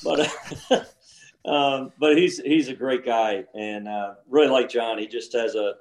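Older man in his sixties, casual co-host, mid-pitched, rambling anecdotes with restarts. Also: measured pace. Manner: rambling storyteller with frequent restarts. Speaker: podcast co-host, former pro golfer. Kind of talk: casual chat.

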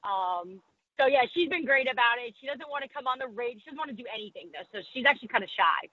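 A woman's voice: a little high, lively intonation, rapid-fire, no echo, phone-quality sound. A woman sports reporter talking candidly in a podcast interview, poking fun at herself. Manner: candid, self-deprecating, quotes people in put-on voices.

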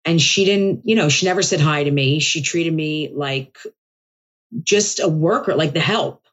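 A woman comedian talking casually on a podcast, her voice sitting low. She tells stories with animation and slips into quick voices for the people in them. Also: muffled recording. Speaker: stand-up comedian guest.

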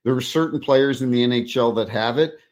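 A former referee tells stories in a firm, blunt way, at a mid-range pitch. It sounds like a casual talk show between friends. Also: male voice, brisk, darkish tone. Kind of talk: casual storytelling chat.

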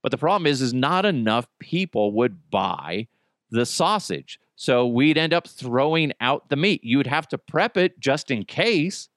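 Riffing on strange news with crude jokes and lively rants, this male podcast host keeps the commentary casual and comedic. He talks a little slowly in a mid-range voice, with a dry, studio-quality recording.

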